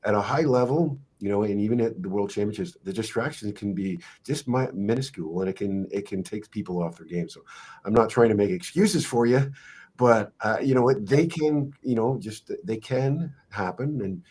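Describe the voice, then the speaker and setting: A middle-aged man hosting a sports podcast, telling stories in a rambling, halting way with many fillers. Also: lowish voice, darkish tone, husky. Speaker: podcast host and wrestling coach. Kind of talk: podcast interview.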